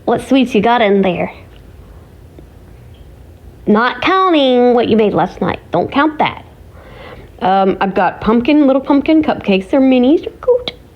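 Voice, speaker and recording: A woman's voice: fairly high pitch, animated, a little slow, long pauses, muffled recording. A woman from Ohio chatting casually to her viewers, giggly and teasing as she talks. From Ohio, USA. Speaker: vlogger. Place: home.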